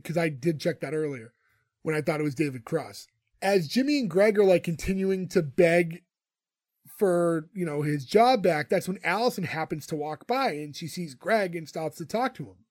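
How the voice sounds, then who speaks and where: High-voiced man in casual podcast chat. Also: animated, normal speed, a little mellow, no room sound, studio quality. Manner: chatty, laughs often while retelling scenes. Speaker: podcast co-host recapping a TV episode.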